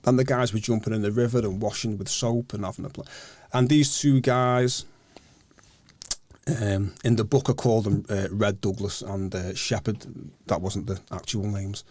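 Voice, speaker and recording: A man guest on a podcast, telling a personal story in a halting, earnest way, often repeating words before he finds them. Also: lowish voice, fairly even intonation, a little mellow, no echo. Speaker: guest, author. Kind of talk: casual storytelling interview. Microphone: podcast microphone.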